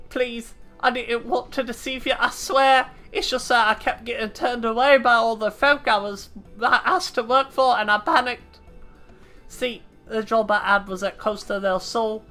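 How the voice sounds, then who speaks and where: A woman voicing a panicky lying adventurer, pleading and stammering in a deliberately silly put-on accent. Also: fairly high pitch, steady tone, pushed and bright, faint music behind, pitched above the performer's own voice.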